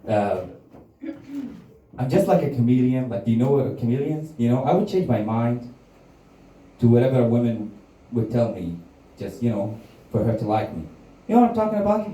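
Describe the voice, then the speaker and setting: A man's voice: mid-range voice, expressive, moderate pace, pauses often, dark tone. A man doing a crude, rambling stand-up comedy set and laughing at his own jokes. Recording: roomy, from a distance.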